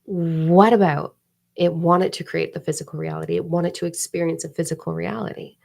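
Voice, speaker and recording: A woman hosting a casual spiritual live stream, animated and swearing freely. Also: on the low side, normal speed, gravelly. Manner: animated, swears freely, mock voices and whispers for effect.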